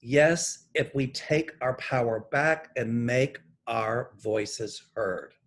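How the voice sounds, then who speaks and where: A man working as a psychic, speaking straight to camera and reading channeled messages from his notes in an earnest, emphatic way. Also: mid-range voice. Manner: deliberate, pointed, emphatic political commentary. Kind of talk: earnest monologue read from notes.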